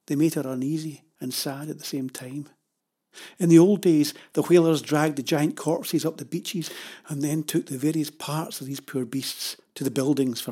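Storybook narrator, husky tone, measured and steady delivery. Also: medium pitch. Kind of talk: children's story reading.

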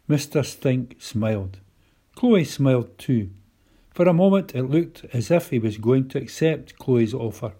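A man reading a children's story aloud in a calm, measured way. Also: mid-range voice, slightly rough. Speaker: narrator.

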